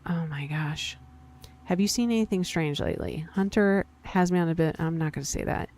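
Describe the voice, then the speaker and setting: A woman's voice: lowish voice, fast talker, gravelly, dark tone. A woman casually commenting as she plays a story game, reading its text aloud, talking to herself and her viewers, and reacting with surprise. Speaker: gaming video host.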